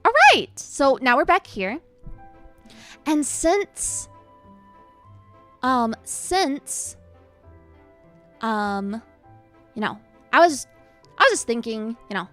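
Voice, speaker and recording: A woman's voice: on the high side, animated, very slow, long pauses, a bit bright, soft background music. A woman streaming as an elf florist character, teasing her viewers playfully and repeating words as she talks. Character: elegant female elf florist. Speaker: VTuber streamer. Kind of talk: casual debut stream chat with singing.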